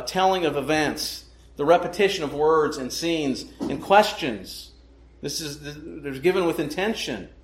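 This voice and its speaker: Emphatic preacher with a roomy echo. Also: male voice, on the high side. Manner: emphatic, asks rhetorical questions. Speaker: pastor. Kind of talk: sermon.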